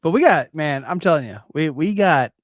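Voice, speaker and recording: A man's voice: fairly high pitch, expressive, normal speed, no echo, studio quality. A man co-hosting a podcast, bantering casually, laughing often and tripping over his own restarts. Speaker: podcast co-host.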